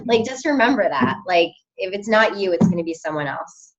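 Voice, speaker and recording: A woman's voice: on the low side, animated, a little fast, dull audio. A woman coaching her team on a call, upbeat and chatty with many fillers.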